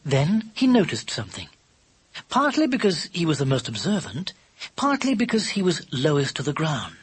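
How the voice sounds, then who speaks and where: A man narrating an animal adventure audiobook in an expressive storytelling manner. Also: a little high, moderate pace, breathy edge.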